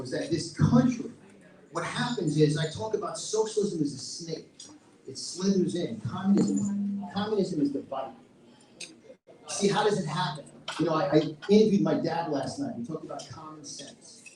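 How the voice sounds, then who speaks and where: A middle-aged man with a New York accent giving a loud, passionate and combative speech at a live event. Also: sits high. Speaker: featured event speaker. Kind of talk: fiery political speech. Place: event hall with live audience. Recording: echoey room, mic at a distance, crowd audible.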